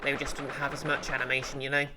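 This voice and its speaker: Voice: mid-range voice, monotone, fast talker, background noise. A streamer playing a game and chatting with viewers in a rambling, casual way, full of fillers and restarts. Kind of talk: casual game livestream chat.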